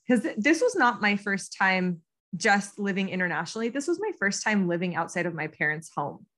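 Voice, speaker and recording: A woman's voice: mid-range voice, lively intonation, brisk, fairly bright tone. An American woman in her thirties, a podcast guest recounting a story with lots of ums and laughter. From United States. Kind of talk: casual storytelling interview.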